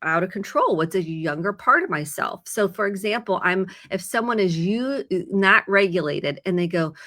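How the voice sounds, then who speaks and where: Bright-voiced Midwestern therapist woman. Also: mid-range voice, animated, moderate pace, hardly any pauses, no room sound. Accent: American Midwest. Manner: earnest, explains with examples. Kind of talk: casual advice chat.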